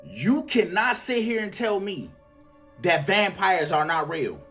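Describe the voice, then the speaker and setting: A man's voice: high-pitched, big pitch swings, slow, a bit bright, soft background music. A man hosting a reaction video, talking casually and slangily to his viewers. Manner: slangy, exclaiming, addresses viewers as y'all. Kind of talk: casual commentary on a clip.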